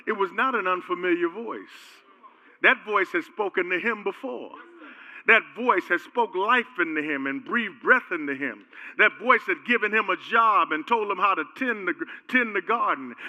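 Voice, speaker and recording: A man preaching a sermon as pastor, calling on the congregation to answer back and building from quiet to loud fervor. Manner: call-and-response preaching, builds from low and quiet to loud and fervent. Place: church sanctuary. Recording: long hall reverb, church sanctuary.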